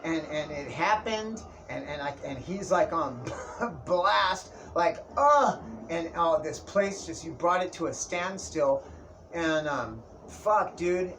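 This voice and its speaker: A man's voice: on the high side, slow, fairly bright tone, slight background noise. A young man telling a comic story in a casual, profane way, peppered with dude and bro. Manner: profane, slangy, keeps saying dude and bro. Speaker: vlogger. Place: indoors, Tijuana area.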